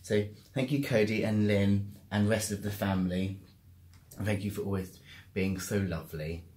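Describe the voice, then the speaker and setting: British man in his thirties, lowish voice, chatty home vlog, talks to himself and the camera. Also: steady tone, a little mellow. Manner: chatty, self-talking, quick to laugh. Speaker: vlogger. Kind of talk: casual video diary.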